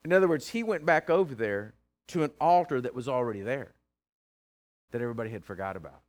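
A man preaching a sermon, folksy and teasing, swinging from loud to hushed. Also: mid-range voice, animated, fast talker. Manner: plain-spoken, folksy, teasing.

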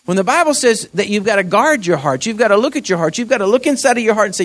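Male pastor with a high-set voice, earnest sermon delivery that drops to a hush for stories and lifts for exhortation. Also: animated, fast, few pauses. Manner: earnest preaching, swings from hushed storytelling to raised exhortation; repeats words and restarts when pressing a point.

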